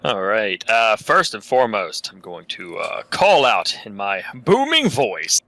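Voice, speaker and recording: A man's voice: fairly low pitch, very animated, unhurried, pushed and bright, no room sound, poor audio. A man playing a tabletop game with friends, declaring his character's moves and asking rules questions. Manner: asks rules questions before acting. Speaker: player. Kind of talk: casual tabletop game play.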